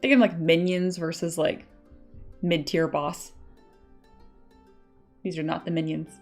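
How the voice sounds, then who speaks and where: A woman's voice: sits low, level tone, measured pace, soft background music. A woman chatting casually on a live stream while she sculpts, laughing often and reading viewer comments aloud. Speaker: 3D sculptor streaming her work.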